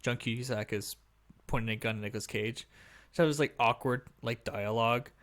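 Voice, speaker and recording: A man's voice: mid-range voice, steady tone, a little fast, fairly bright tone. A young man co-hosting a podcast, casually retelling a movie plot, rambling with lots of fillers and bursting into acted-out lines. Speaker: podcast co-host. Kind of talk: casual chat recapping a movie.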